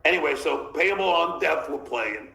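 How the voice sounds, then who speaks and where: Gravelly bright-voiced man, echoey room. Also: fairly high pitch, animated, normal speed. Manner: rambling, reads chat messages aloud. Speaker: podcast host. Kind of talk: casual chat.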